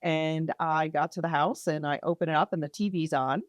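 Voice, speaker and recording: A man's voice: on the high side, fairly even intonation, normal speed, dry recording. A man who is a real estate agent, telling a story on a podcast in a plain, matter-of-fact way. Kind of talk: casual storytelling.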